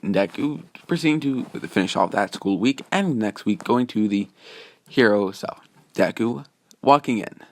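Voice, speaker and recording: A man's voice: on the low side, lively intonation, unhurried, dry recording. Rambling man telling a fan story. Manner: rambling, full of restarts and "just saying". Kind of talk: casual fan-fiction narration.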